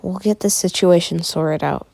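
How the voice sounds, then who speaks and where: A woman voicing an old grandfather, a crime boss who soothes the children, in a reassuring and halting way. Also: lowish voice, vocal fry, a little mellow, dry recording.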